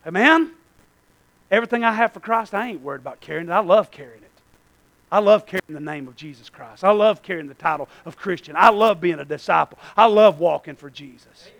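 High, gravelly preacher shouting and hushing. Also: male voice, brisk, no echo. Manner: swings from hushed asides to shouted preaching; folksy, calls to the congregation. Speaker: pastor. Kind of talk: sermon.

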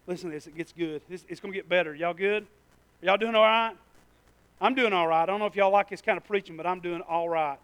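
A high-voiced man preaching a lively sermon. His tone is bright, smooth and ringing, and it drops to quiet mumbles before rising to loud cries. The sound is close and dry. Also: fairly quick, dry recording. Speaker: pastor.

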